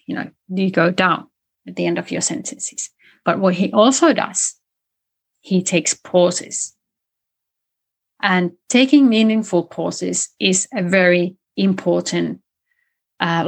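A woman guest in an interview, explaining communication skills in a lively conversational way and demonstrating tones of voice as she talks. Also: fairly low pitch. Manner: animated, explains with spoken demonstrations.

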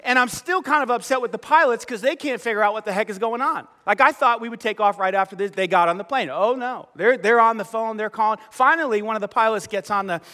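A man, a pastor telling a personal story in a sermon, animated and self-mocking, acting out the dialogue. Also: sits high, fast talker, hardly any pauses, big-room sound.

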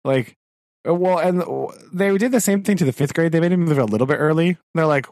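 A man's voice: fairly high pitch, fast, a little mellow, no echo, clean studio sound. A man, a teacher and podcast co-host, chatting casually and ranting in exasperation, laughing often and acting out quoted exchanges. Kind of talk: casual chat.

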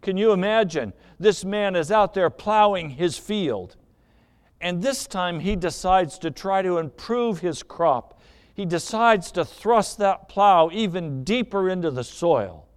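A man's voice: high-pitched, expressive, measured pace, smooth. A man preaching a sermon, telling a parable as a vivid, dramatic story. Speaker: pastor.

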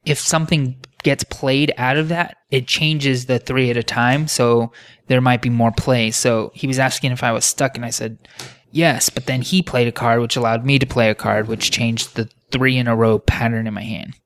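A man's voice: mid-range voice, steady tone, moderate pace, fairly bright tone, no echo. A man co-hosting a casual podcast, playfully explaining a card game and reading out trivia questions while playing. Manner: playful, explains patiently, quizzes his partner. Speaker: podcast co-host.

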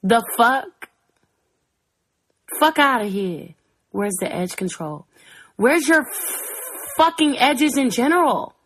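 A woman's voice: on the high side, animated, husky, rough recording. A woman delivering a profane, mocking roast in a social media video. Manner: crude, mocking, rapid-fire insults.

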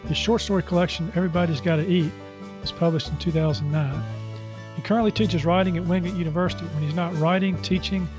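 A man's voice: high-pitched, steady tone, fast talker. Chatty male podcast host over guitar. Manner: chatty, with frequent "uh" fillers. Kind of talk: podcast intro and announcements. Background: guitar music.

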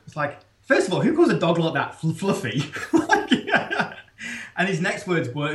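A man with a British accent, a guest telling a story in casual conversation, animated and often laughing. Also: a little high, moderate pace, roomy sound.

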